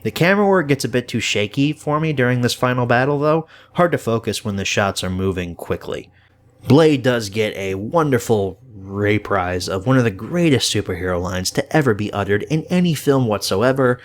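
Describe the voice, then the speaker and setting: Animated, profane young male movie reviewer. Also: medium pitch, moderate pace. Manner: enthusiastic, profane, occasional stammers. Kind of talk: casual spoken film review.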